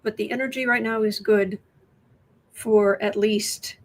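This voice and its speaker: A woman's voice: mid-range voice, fairly even intonation, a little slow. A woman hosting a casual tarot livestream, chatting and thinking aloud as she reads viewer questions. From United States. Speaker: tarot reader and livestream host. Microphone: webcam.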